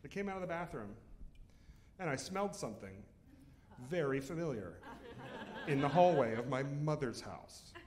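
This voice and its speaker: Brief: male storyteller, fairly high voice, lively delivery, live show. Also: normal speed, long pauses, roomy sound, a crowd in the background. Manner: animated, laughs through his own story.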